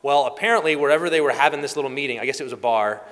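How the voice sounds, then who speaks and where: Male preacher, animated sermon delivery with acted asides, recorded in a reverberant hall. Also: medium pitch, very fast. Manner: animated storytelling, acts out quoted voices.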